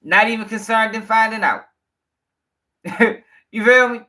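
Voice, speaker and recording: A man's voice: high-pitched, unhurried, pushed and bright. A man hosting a livestream commentary show, talking bluntly and profanely and firing back directly at viewers in the chat.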